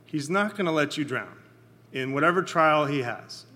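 A man leading a Bible study in a casual, conversational sermon, often checking in with his listeners and pausing with fillers. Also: on the high side, expressive, pushed and bright, long reverb tail. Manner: halting, many fillers and restarts.

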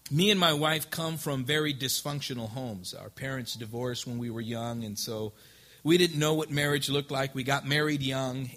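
A man's voice: medium pitch, fairly bright tone. A man, telling his life story as an informal testimony sermon from a church pulpit, acting out old conversations. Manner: folksy storytelling, acts out past dialogue. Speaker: preacher. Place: church sanctuary.

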